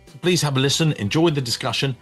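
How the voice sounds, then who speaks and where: A man's voice: medium pitch, quick pace, fairly bright tone, faint music behind. A man hosting a podcast, giving an upbeat scripted introduction to the episode. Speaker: podcast host.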